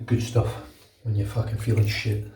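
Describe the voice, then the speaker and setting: A man's voice: medium pitch, fairly even intonation, moderate pace, mellow, recorded from a distance. A British man vlogging casually while shaving his head at home, chatty and rambling, swearing freely, a bit under the weather with a cold. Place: bathroom at home. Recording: echoey room, voice off-mic.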